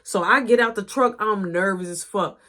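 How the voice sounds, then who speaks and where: A woman casually telling a personal story in a lively, profane, animated way. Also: mid-range voice, normal speed.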